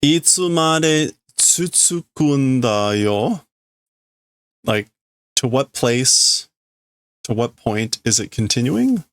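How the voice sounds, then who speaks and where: A man's voice: mid-range voice, big pitch swings, slow, creaky, fairly bright tone, no room sound, studio quality. A man streaming himself as he reads a comic and works out the translation aloud, hesitant and full of fillers. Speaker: streamer learning Japanese. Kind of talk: casual reading and translating aloud.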